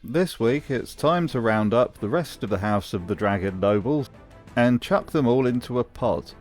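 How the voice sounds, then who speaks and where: Dry-witted man with a lively voice. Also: mid-range voice, moderate pace, soft background music. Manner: dry, mocking humor. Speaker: host. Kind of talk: scripted commentary on accents.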